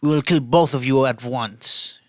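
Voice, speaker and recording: A man's voice: mid-range voice, a little slow, no room sound, natural voice. A man voicing a menacing, boastful male villain with a put-on Russian-style accent. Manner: snarling threats, mock Russian accent.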